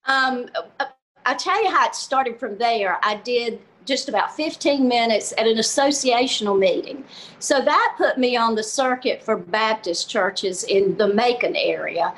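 This is an older woman with a Southern American accent, talking on a video call as a comedian guest. Her voice sits a little high, and she tells folksy stories with frequent laughter in an easy, casual way. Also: lively intonation, measured pace, a bit bright. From Southern US, Georgia. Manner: folksy, laughs often, storytelling. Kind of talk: casual interview chat.

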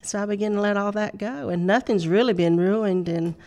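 A woman's voice: medium pitch, a little fast, a little mellow. A middle-aged woman, laughing often as she tells a personal story on a faith talk show. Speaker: guest.

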